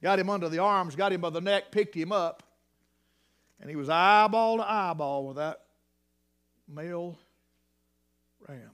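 A man preaching a sermon, swinging between hushed near-whispers and shouted emphasis. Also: high voice, unhurried, pauses often, clean tone.

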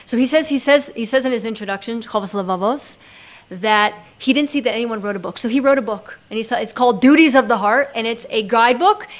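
Woman Torah teacher, somewhat high voice, religious class talk, acts out quoted lines as she tells stories. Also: fast. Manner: expressive storyteller who acts out quoted lines.

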